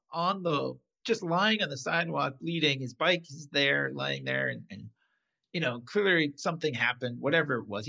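A man chatting casually on a podcast, retelling a TV episode and acting out the characters' lines with big jumps in pitch. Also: creaky, lo-fi sound. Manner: animated storyteller, acts out quotes with pitch jumps.

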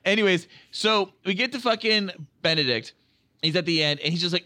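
A man co-hosting a podcast, chatting excitedly about a film with lots of swearing and acted-out quotes. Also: sits high, fairly quick, no echo, clean studio sound. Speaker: podcast co-host. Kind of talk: casual film review chat.

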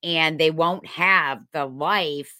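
A woman's voice: low-pitched, takes it slowly, sharp tone, no echo, clean studio sound. A woman hosting a talk show, speaking earnestly and supportively. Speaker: host. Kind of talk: casual talk-show chat.

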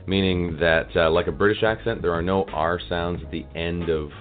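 A man who works as a dialect coach, explaining speech sounds in a relaxed interview clip. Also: deep voice, moderate pace. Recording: tinny clip with faint music.

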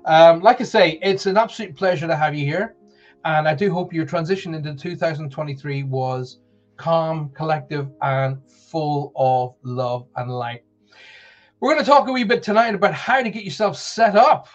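A man with a softened Northern Irish accent, hosting a live show and chatting warmly to viewers as he reads out their messages. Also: on the high side, normal speed, muffled recording, soft background music. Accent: soft Northern Irish. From Northern Ireland. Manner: chatty, rambling, reads messages aloud with put-on voices. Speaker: host of a live call-in show.

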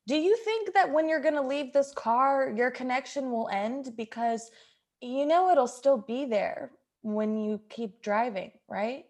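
High, dramatic, indignant woman. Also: measured pace, darkish tone. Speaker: sketch actor playing a girlfriend.

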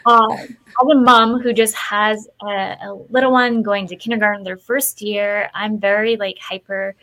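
A woman's voice: mid-range voice, fairly even intonation, unhurried, a bit bright, rough recording. A woman hosting a casual podcast, earnest and frank, while losing her voice. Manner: earnest, frank, with many "like" fillers. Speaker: podcast host.

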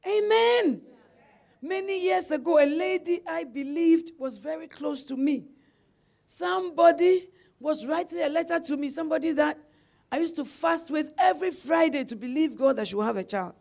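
A woman's voice: sits high, normal speed, creaky, a little mellow. A middle-aged woman preacher delivering a sermon, telling a personal story with laughter and calls of amen.

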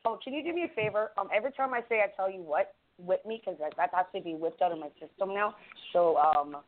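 A man, co-hosting a wrestling radio show in excitable, repetitive casual chat. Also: high voice, fast talker, slight background noise. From Canada. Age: 40s. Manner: chatty, excitable, repeats himself. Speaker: co-host. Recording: dry tinny phone-line audio.

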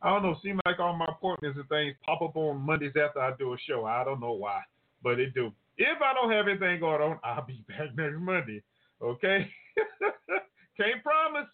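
A male call-in show host wrapping up his episode in a relaxed, chatty way, laughing easily as he thanks his listeners. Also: a little high, a little fast. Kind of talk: casual show sign-off. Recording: tinny phone-line audio.

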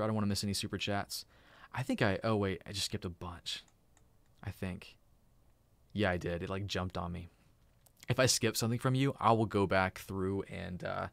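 Male streamer host, low-ish voice, dry close sound; loose, eager, laughs a lot. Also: no echo. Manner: excitable and chatty, laughs often. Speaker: YouTube live streamer and host. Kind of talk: casual live-stream chat.

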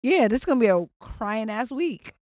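A young woman co-hosting a podcast, telling stories in a blunt, profane and animated casual chat. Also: on the high side, moderate pace, no echo, clean studio sound. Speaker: podcast co-host.

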